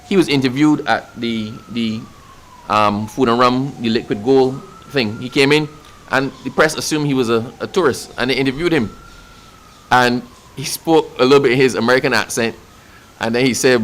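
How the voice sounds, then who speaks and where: A man's voice: mid-range voice, moderate pace, a bit bright, low-quality recording. A man with a Barbadian accent answering a reporter at a press event, speaking with growing pride and emphatic repetition. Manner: passionate, building to proud emphatic declarations.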